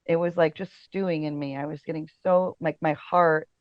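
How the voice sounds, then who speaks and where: A woman's voice: deep voice, steady tone, normal speed, dry recording. Woman, podcast guest, casting director, chatty, storytelling, filler-heavy, laughs often, dry slightly dull audio. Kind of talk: casual interview chat.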